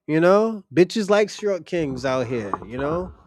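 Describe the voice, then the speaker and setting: A man's voice: a little high, expressive, slow, darkish tone, slight background noise. A man ranting bluntly and crudely on a stream, full of swagger. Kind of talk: profane opinion rant.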